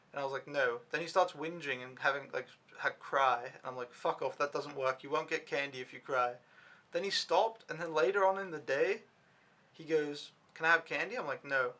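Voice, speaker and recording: A man's voice: on the high side, pushed and bright. A young man from Denmark, working as an au pair, rambling through a casual vlog recap with lots of fillers and swearing. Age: young adult. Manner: rambling, swears freely, filler-heavy storytelling. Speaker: au pair vlogger.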